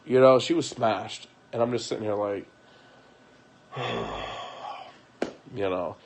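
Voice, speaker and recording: A young man live-streaming from home, talking in a weary, aggrieved way, halting and repeating his words. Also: fairly low pitch, darkish tone, slight background noise. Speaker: livestreamer. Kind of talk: emotional live-stream monologue.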